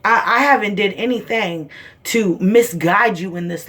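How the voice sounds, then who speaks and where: A woman's voice: mid-range voice, moderate pace, a bit bright. Angry woman ranting, swearing bluntly. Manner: heated, blunt, heavy swearing. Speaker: mother of seven. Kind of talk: angry personal video rant.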